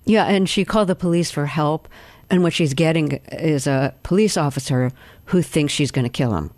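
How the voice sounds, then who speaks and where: Measured interviewer with a dry sound. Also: mid-range voice, darkish tone, no echo. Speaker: interviewer host. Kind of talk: interview questions.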